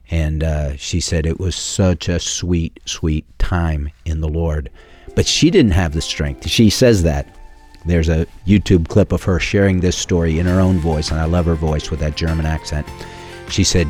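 A man with a very low voice speaks earnestly as the host of a Christian radio show. He tells the story with pauses and fillers. The sound is dry and close, with faint music underneath. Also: darkish tone, dry recording. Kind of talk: Christian call-in radio teaching.

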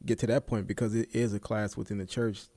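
A man co-hosts a faith-based talk show and answers in short, soft-spoken remarks. His voice sits very low, and the recording is dry and close. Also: level tone, fast talker, dry recording. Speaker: co-host.

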